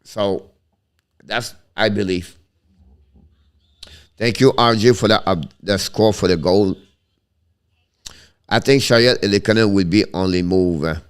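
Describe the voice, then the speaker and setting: Hosting a relaxed live stream about hockey, a Quebec French-accented man responds to viewers in a halting way, frequently restarts his sentences and moves between French and English. His voice is fairly low with a clean tone.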